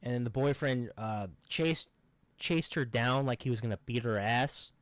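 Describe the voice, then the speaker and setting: A man's voice: medium pitch, moderate pace. Rambling man recapping a movie. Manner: rambling, profane, sarcastic retelling. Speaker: podcast co-host. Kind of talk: casual film recap chat.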